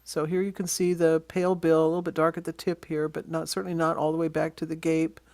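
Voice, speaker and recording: A birding instructor giving a casual slide-show lesson on bird identification, pointing out features in photos and often pausing with ums and uhs. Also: mid-range voice, flat delivery, darkish tone, no echo. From Western Washington.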